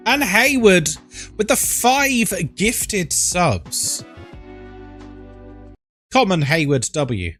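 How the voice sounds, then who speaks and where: A man's voice: sits high, fairly bright tone. A man hosting a live stream, greeting his viewers by name in a chatty, playful, affectionate way.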